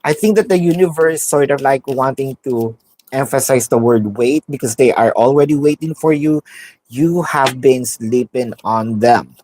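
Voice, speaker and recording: A woman's voice: rumbling low, normal speed, dark tone, no room sound, low-quality recording. A woman doing a live tarot reading, musing aloud, naming the cards as she draws them and repeating phrases. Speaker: tarot card reader.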